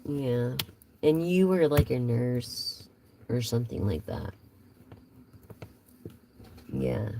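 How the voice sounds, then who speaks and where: A woman's voice: rumbling low, sing-song, slow, gravelly, warm tone, slight background noise, poor audio. A woman giving a casual live tarot reading, chatty and rambling as she talks straight to her viewers. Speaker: tarot reader.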